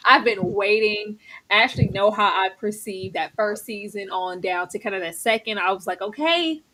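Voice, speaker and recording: A woman's voice: mid-range voice, fairly even intonation, normal speed, pushed and bright, low-quality recording. A woman co-hosting a live stream that recaps a TV drama. She talks expressively and acts out her own reactions as quoted asides. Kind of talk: casual live-stream chat.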